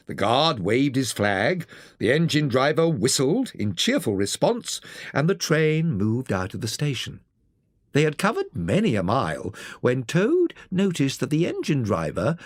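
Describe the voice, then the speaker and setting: An audiobook narrator reading a classic children's story in an expressive, theatrical way. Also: medium pitch, no room sound, clean studio sound.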